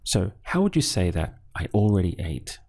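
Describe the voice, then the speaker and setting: Speaking with a deep, darkish voice at a moderate pace, this very animated man leads a language lesson. He patiently poses the question of how to say a phrase and then answers it on his own.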